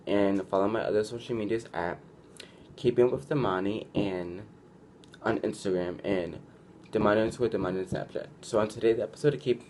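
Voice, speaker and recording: A man's voice: fairly low pitch, a little fast, a little mellow, a little hiss or hum. A young man talking casually to his viewers, giving advice in a loose, chatty way, filling his speech with "like" and restarting sentences often. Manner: chatty, heavy use of "like", restarts, acts out quoted lines. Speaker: vlogger.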